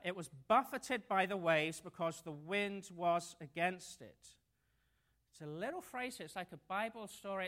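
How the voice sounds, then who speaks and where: This is a preacher in the middle of a sermon. The telling is lively and story-driven, with light jokes worked in between the serious points, and the voice sits at a middling pitch.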